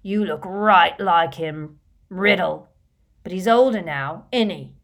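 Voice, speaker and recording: A woman reading an audiobook voices a drunken, filthy older man who bellows in a rough, slurred dialect. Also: lowish voice, slow, fairly bright tone, heavily acted. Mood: drunken, ranting.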